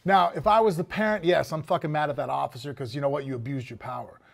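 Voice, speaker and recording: A man talking in a rapid, high and gravelly voice. He argues his point heatedly and swears freely in casual conversation. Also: steady tone. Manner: heated, profane, emphatic. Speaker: podcast guest. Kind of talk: casual chat.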